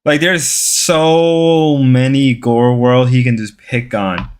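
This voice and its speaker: Guy musing out loud on a stream, average voice, repeats stuff. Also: medium pitch, fairly even intonation, takes it slowly, clear, resonant tone. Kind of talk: casual stream chat.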